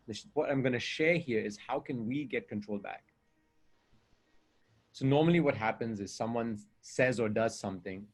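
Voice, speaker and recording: A man speaking as a communication coach in a conversation, earnest and explaining with examples and rhetorical questions. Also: mid-range voice.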